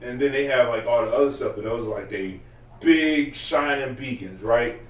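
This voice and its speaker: A man's voice: medium pitch, moderate pace, recorded from a distance. A man chatting casually in a loose, profane, rambling way. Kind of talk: casual podcast chat. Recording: roomy, off-mic, faint room noise.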